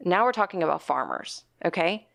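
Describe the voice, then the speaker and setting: A woman co-hosts a casual talk show. She speaks with emphasis and a fairly low pitch, and she leans into her points. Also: animated, a little fast, gravelly, fairly bright tone. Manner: talkative, emphatic, quotes clients in lowered voice. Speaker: podcast co-host. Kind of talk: casual conversation.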